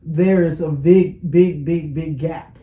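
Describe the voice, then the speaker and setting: A woman's voice: deep voice, fairly even intonation, takes it slowly, mellow, highs cut off. A woman from Chicago hosting a casual interview, chatty and affirming, with many fillers. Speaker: host. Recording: echoey room.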